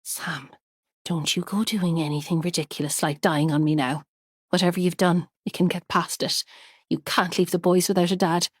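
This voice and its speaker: A woman voicing a frantic wife who pleads with and shouts at an unconscious man. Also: fairly low pitch, fairly even intonation, normal speed, no echo, studio quality, lightly acted. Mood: shaken. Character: frantic woman finding her hurt husband.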